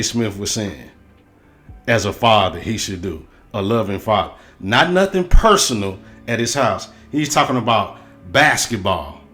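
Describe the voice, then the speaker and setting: A man's voice: mid-range voice, a bit bright. A man hosting a sports show, ranting in a heated, profane, repetitive way. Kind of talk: sports commentary rant.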